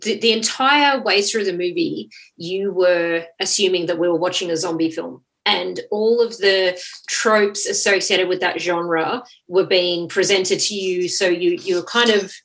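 A woman's voice: fairly low pitch, a little slow, fairly bright tone, rough recording. A woman in casual podcast chat, explaining her view and correcting herself as she goes. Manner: chatty, self-correcting.

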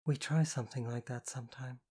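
An audiobook narrator voicing a shy, earnest young woman who speaks softly and hesitantly. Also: medium pitch, measured pace, slightly rough. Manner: soft, hesitant, pleading. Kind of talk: audiobook character voice.

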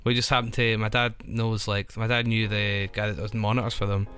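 A man's voice: lowish voice, level tone, brisk, a bit bright, smooth, no room sound, soft background music. A young Scottish man, a touring musician, chatting casually on a podcast, rambling with lots of "like" fillers. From Scotland. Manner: rambling, full of "like" fillers, self-described anxious.

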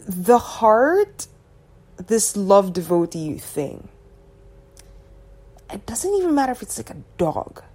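A woman's voice: on the low side, a little mellow. A woman hosting a podcast, talking through spiritual ideas in a candid, meandering way, swearing freely and laughing between points. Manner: loose, meandering phrasing with many fillers. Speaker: podcast host. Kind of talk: casual spiritual monologue.

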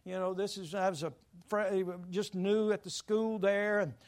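Male pastor, high-pitched, folksy rambling sermon storyteller. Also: steady tone, moderate pace. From Louisiana. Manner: folksy, rambling storytelling with self-deprecating humor. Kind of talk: sermon told as a personal story.

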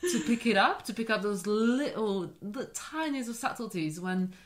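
A woman in casual conversation, lively and chatty, telling an anecdote with quick asides. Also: medium pitch. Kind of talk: casual chat.

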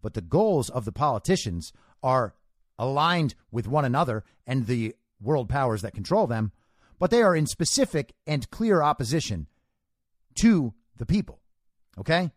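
A man's voice: medium pitch, very animated, normal speed, no room sound, clean studio sound. A man hosting a podcast, giving an opinionated solo monologue with emphatic delivery and rhetorical questions. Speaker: podcast host.

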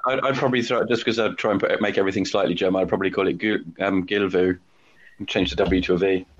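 A man's voice: sits low, steady tone, quick pace. A man co-hosting a podcast who chats casually and makes dry jokes. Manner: dry, joking. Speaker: podcast co-host. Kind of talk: casual chat. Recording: muffled lo-fi audio.

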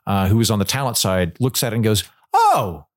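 A man telling stories in a casual chat as a podcast guest, animated and acting out other people's lines. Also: lowish voice, fast.

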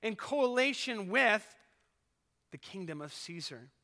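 A male pastor preaching a sermon at a live church service, building to loud emphasis and reading a poem with dramatic force. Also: sits high, lively intonation, measured pace. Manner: preaches with rising emphasis, reads poetry dramatically. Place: church sanctuary. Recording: live church service with long hall reverb.

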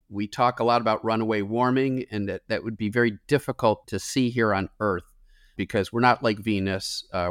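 A man's voice: lowish voice, no echo, studio quality. A climate scientist man answering interview questions in an earnest, explanatory way with occasional fillers.

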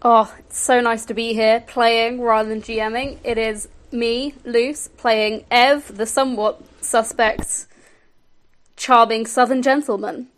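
A woman's voice: a little high, steady tone, measured pace. A woman who usually runs the game, chatting as a player in a chatty, self-deprecating way. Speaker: regular game master, playing this time. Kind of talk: casual tabletop podcast chat.

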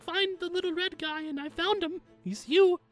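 A woman voicing a timid male Robin Hood-style minstrel who talks high and flustered. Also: normal speed, soft background music.

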